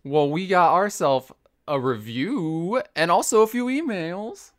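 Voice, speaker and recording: Male podcast co-host, animated pitch, easygoing and a little halting. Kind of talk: casual chat.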